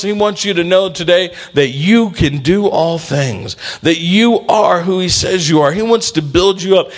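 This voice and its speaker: A man's voice: high-pitched, fairly bright tone. A man preaching a sermon in church, emphatic and calling on the congregation to respond. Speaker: pastor.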